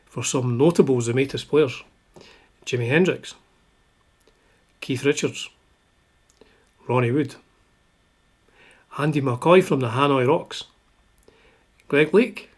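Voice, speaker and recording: A Scottish man with a husky, slightly breathy voice at a middling pitch. He talks about guitars in a relaxed, chatty way. He is wry and drops into quiet asides under his breath. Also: unhurried, long pauses. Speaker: guitar channel host. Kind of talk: casual chat.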